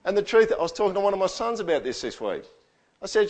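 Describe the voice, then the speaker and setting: Pastor preaching, soft to booming. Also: male voice, big pitch swings, fast talker. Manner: preaches with big swings, booming quotes then dropping to near-whispers; asks the congregation for agreement. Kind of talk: sermon. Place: church hall with live sound. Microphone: stage microphone through a sound system.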